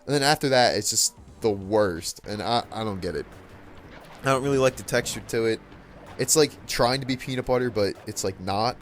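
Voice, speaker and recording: A man's voice: fairly low pitch, moderate pace, faint music behind. Rambling puzzled teenage guy. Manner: rambling, many fillers and restarts, puzzled tone. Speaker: gaming channel host. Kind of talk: casual rant over gameplay.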